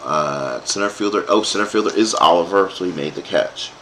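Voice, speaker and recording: A man's voice: low-pitched, a little fast, pushed and bright, slight background noise. A man calling play-by-play for a tabletop baseball game he is playing himself, rambling into asides for his live chat. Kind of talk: play-by-play commentary of a dice game.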